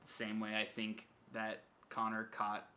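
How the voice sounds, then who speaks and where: A man's voice: lowish voice, completely flat delivery, measured pace, sharp tone. A man hosting a casual podcast chat, emphatic and opinionated, swearing freely. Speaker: podcast host.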